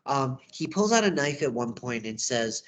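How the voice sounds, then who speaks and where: A man's voice: medium pitch, very animated, normal speed, fairly bright tone. A man teaching drama, walking through a study guide in a casual, conversational way. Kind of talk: lesson recap video.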